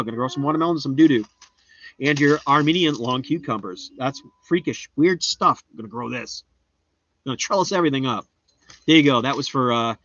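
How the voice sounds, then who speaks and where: A man's voice: fairly bright tone, no room sound. A man chatting casually on a live stream as he shows off garden seeds, rambling, goofy and mocking himself. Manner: rambling, goofy, self-mocking, jumps into high silly voices. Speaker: homestead gardening livestreamer. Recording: dull, slightly lo-fi dry sound.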